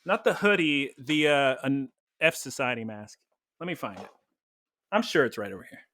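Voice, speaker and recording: A man's voice: mid-range voice, big pitch swings, normal speed, bright, forceful tone, dry recording. A young man co-hosting a podcast, chatting casually and rambling through stories with frequent laughs. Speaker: podcast co-host. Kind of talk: casual chat.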